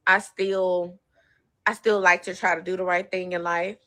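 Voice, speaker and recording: A woman's voice: on the low side, level tone, normal speed, a bit bright. Tearful, defensive woman livestreaming. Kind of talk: emotional live stream talk.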